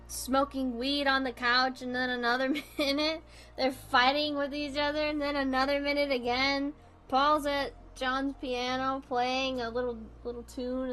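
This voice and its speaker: A young woman with a high voice chatting casually as she draws, rambling from one thought to the next. She swears freely and laughs often. Faint music plays behind her. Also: fairly bright tone. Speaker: streamer. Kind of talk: casual chat while drawing.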